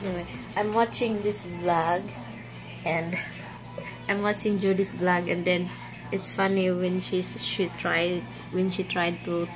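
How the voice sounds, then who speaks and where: A woman's voice: fairly low pitch, level tone, takes it slowly, music in the background. A Filipino woman chatting casually in a home vlog, giggly and repeating herself as she talks. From Philippines. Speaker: vlogger. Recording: noisy household background.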